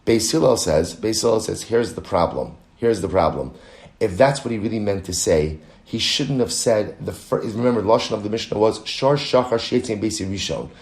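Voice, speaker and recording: Lively rabbi teaching Talmud, low voice. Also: male voice, reverberant. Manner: animated, explains aloud, reads Aramaic quotes quickly. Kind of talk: Talmud lecture.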